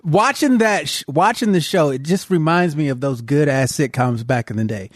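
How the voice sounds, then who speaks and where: Man, podcast co-host, relaxed and enthusiastic, mid voice, dry sound. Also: on the high side, normal speed, dry recording. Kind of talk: casual chat.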